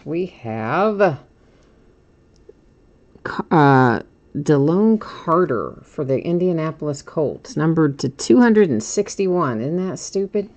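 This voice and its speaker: A woman with a notably low voice hosts a live card break stream. She chats easily, teases herself and laughs often while stumbling over hard names. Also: expressive, takes it slowly, a little mellow. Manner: chatty and self-teasing, laughs often.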